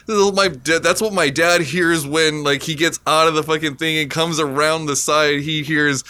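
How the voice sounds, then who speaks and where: A man's voice: fairly high pitch, normal speed, hardly any pauses, clear, resonant tone. A man telling stories in casual podcast chat, swearing freely and acting out what people said. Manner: profane, animated storyteller acting out quotes.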